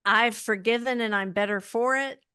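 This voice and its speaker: A woman's voice: fairly high pitch, normal speed, sharp tone, smooth. A woman co-hosting a casual podcast chat, earnest and reflective. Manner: earnest, reflective, faith-minded. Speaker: podcast co-host.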